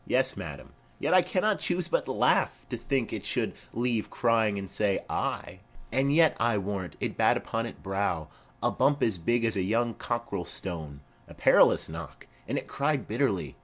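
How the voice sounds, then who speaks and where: A man's voice: fairly low pitch, animated, a little slow, hardly any pauses, a bit bright. A man reading a play aloud, voicing a garrulous, rambling old nurse who fondly chatters on. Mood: chuckling fondly.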